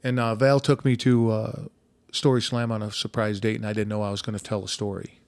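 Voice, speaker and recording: Chatting loosely on his podcast, this host spins stories, often restarting and swearing casually. He speaks fairly quickly in a level, low, creaky voice with a darkish tone and no echo.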